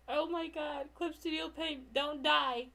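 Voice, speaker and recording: A young woman comic artist giving a casual live-stream drawing tutorial, chatty and self-mocking, laughing often and talking to her slow computer. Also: high-pitched, gravelly, pushed and bright.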